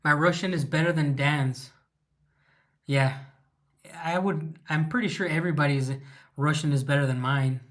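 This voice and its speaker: The livestream host's voice is on the high side and a bit bright. Originally from Southern California with a Chicano English accent and living in Russia, he fields viewer questions casually, rambling, restarting his sentences, and filling gaps with um.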